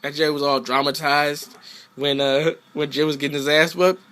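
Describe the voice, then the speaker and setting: A man with a bright, forceful voice runs through a fighting-game match he played. He tells it in loose, fast, slangy trash-talk full of profanity, and he jumps into animated voices for the players he quotes. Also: fairly high pitch, smooth. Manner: quick, loose storytelling. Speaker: gaming channel host. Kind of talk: casual commentary over gameplay.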